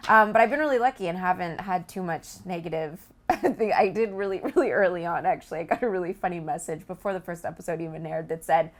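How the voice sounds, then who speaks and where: Giggly actress guest, bit low voice, bubbly and animated, chatting away. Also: female voice, fast. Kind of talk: casual interview chat.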